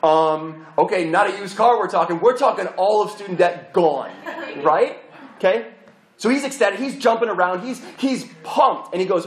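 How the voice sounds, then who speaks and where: A young adult man preaching a storytelling sermon in an animated, chatty way, full of restarts. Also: high voice, normal speed. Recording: roomy hall echo.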